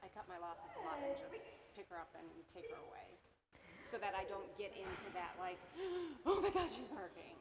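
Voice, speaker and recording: A woman in a dog training class, chatting quickly as she asks the instructor a question. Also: medium pitch, big pitch swings, crowd noise. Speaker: student handler. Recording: far from the mic, long hall reverb.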